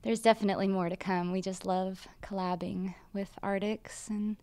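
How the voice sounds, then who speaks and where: A woman's voice: medium pitch, level tone, moderate pace, darkish tone. A woman in a band, chatting and giggling through a casual interview. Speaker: band member. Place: backstage at a concert venue.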